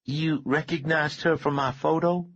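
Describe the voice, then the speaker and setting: A man's voice: on the high side, fairly even intonation, measured pace, a bit bright, pitched above the performer's own voice. A man voicing a woman who asks her questions hesitantly and carefully. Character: cautious woman questioning the group. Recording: dull lo-fi recording.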